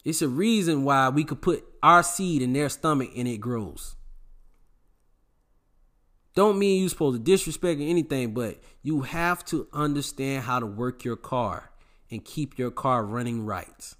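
A man's voice: medium pitch, measured pace, a bit bright. A man giving dating advice to the camera in an emphatic, preachy, repetitive way, full of slang. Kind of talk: casual advice monologue to camera.

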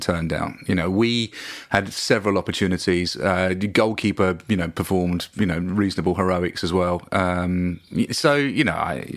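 Low-voiced man ranting about football. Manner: animated ranting, acts out fans' shouts. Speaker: podcast co-host. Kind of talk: casual chat.

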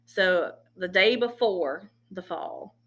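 Woman, podcast host, casual storytelling, crisp bright tone, chatty. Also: fairly low pitch, slow pace. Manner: chatty, retells events with quoted dialogue. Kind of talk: casual true-crime storytelling.

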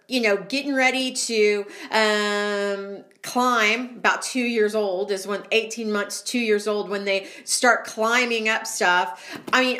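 A woman co-hosting a casual talk, telling a funny story about her husband. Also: on the high side. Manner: storytelling, teasing and lively. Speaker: co-host. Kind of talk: casual chat.

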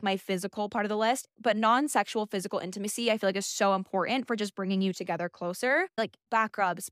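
A woman's voice: medium pitch, no echo, studio quality. A young adult woman hosting a casual monologue podcast, chatty and emphatic with a sassy edge. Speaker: podcast host.

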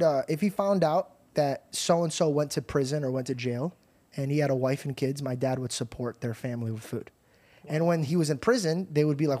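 A man hosting a podcast, telling a story in a casual, animated way, swearing often and calling people bro. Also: a little high. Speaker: podcast host.

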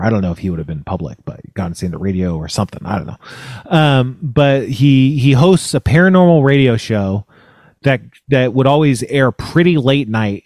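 A man in his thirties talks loosely on a podcast, wandering through his thoughts with plenty of hesitations and fillers. His voice sits in a middle pitch. The sound is dry and close, as over a video call. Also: darkish tone, no echo. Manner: rambling, full of hesitations and filler words. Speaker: podcast co-host. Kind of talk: casual conversational chat.

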